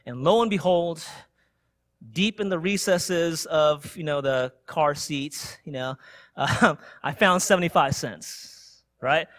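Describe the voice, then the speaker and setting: Young male preacher, high and bright voice, dry close sound, lively sermon storytelling. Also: slow, no room sound. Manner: animated storytelling with frequent "right?" tag questions. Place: church sanctuary.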